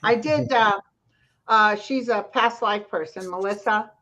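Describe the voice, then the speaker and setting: A woman's voice: mid-range voice, unhurried, fairly bright tone. A woman joining a casual chat as guest psychic over a video call, talking in rambling, trailing sentences. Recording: dull lo-fi call audio.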